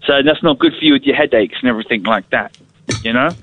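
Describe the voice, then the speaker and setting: A man's voice: mid-range voice, fast talker, slight background noise. Rambling male caller on a dull phone line. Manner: rambling, hesitant. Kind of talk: phone-in chat.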